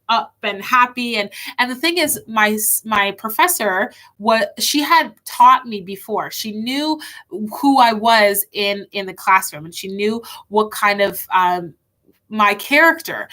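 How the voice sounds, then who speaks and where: A woman's voice: medium pitch, pushed and bright. A young woman speaking in an online kids' church talk, telling a personal story in an earnest, chatty way and often addressing the children as guys.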